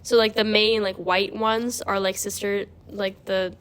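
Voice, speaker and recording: A woman's voice: mid-range voice, little pitch movement, a little slow, fairly bright tone, clean tone. A young woman hosting a podcast, explaining in a rambling, casual way full of "like". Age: young adult. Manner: rambling, peppered with 'like'. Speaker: podcast host. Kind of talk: casual chat.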